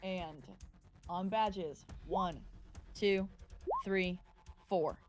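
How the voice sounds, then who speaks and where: A woman's voice: on the low side, fairly even intonation, drawn-out words, music in the background. A woman narrating a tabletop game as game master, describing scenes in detail with small slips.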